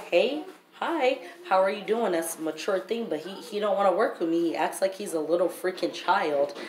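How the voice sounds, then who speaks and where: A woman vlogger tells a storytime in a blunt, heated, profane way. Her voice is lowish and darkish in tone. The recording has a roomy echo and faint background noise.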